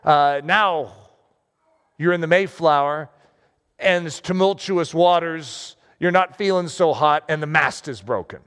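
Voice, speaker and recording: Guy with a high voice giving a chatty animated sermon, long hall echo. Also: unhurried, smooth. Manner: conversational, animated, self-deprecating asides. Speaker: preacher. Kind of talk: sermon with story reading.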